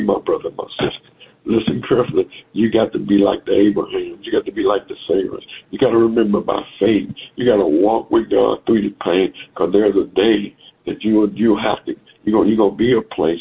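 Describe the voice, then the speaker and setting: A man's voice: lowish voice, fairly quick, gravelly, husky. A man preaching a sermon over a phone call, exhorting and repeating phrases in a sing-song cadence. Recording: tinny phone line.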